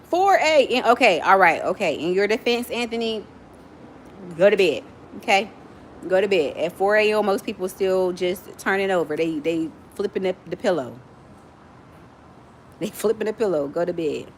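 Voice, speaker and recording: A forty-year-old woman from Miami, USA, who founded a nonprofit, hosts her own livestream and chats with viewers quickly and playfully. Her voice is mid-range, with slight background noise behind it.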